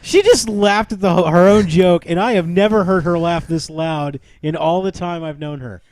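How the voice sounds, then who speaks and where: Male co-host, higher-pitched, snarky teasing, dry sound. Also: normal speed, darkish tone, no echo. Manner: sardonic, teasing quips. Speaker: podcast co-host. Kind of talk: casual chat.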